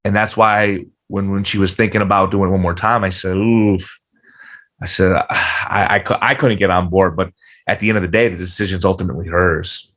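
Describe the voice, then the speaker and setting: A man with a fairly low voice speaks earnestly and reflectively. He repeats words while he gathers his thoughts. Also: steady tone, a little fast, fairly bright tone. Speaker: podcast guest. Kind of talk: reflective conversation.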